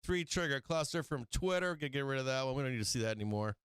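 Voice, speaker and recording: A man hosting a live stock market stream, walking through charts in a brash, excitable way with casual swearing. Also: mid-range voice, quick pace, smooth, dry recording. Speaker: stock market show host.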